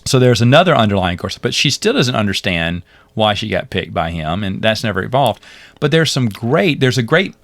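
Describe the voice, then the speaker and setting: A man's voice: lowish voice, normal speed, dry recording. Man retelling a show animatedly, dry sound. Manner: rambling, animated retelling with laughs and acted-out quotes. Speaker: podcast co-host. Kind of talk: casual chat recapping a TV series.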